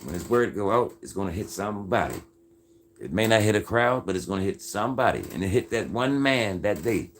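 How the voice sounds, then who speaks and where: This is a livestream host on a casual faith-based show, reading comments from viewers in a lowish, animated voice at a fairly quick clip. Folksy and earnest, he insists like a preacher and often says "folks" and "man." Some slight background noise is audible.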